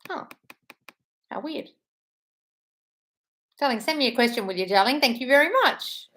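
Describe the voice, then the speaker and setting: A woman's voice: a little high, lively intonation, moderate pace, fairly bright tone. A British woman in her thirties hosting a live stream, reading out chat messages and answering them in an affectionate, earnest way. She keeps calling her listeners darling.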